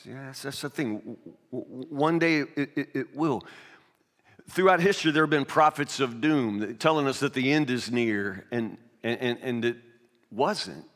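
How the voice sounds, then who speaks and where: A pastor with a medium-pitched, slightly bright voice preaches at a moderate pace. He first reads scripture aloud, then tells a children's fable in a loose, repetitive manner. A hall's long reverb surrounds his voice.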